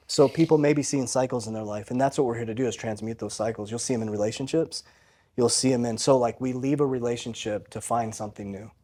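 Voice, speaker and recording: A man's voice: medium pitch, dark tone. Earnest man telling his story. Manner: earnest, often tags lines with "right?". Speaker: podcast guest, financial coach. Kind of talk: candid personal storytelling.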